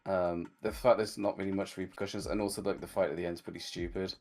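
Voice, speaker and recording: A man's voice: low voice, flat delivery, fast, darkish tone, faint music behind. A man co-hosting a casual review chat, rambling with lots of "like" and acting out lines he quotes. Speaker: podcast co-host reviewing a cartoon.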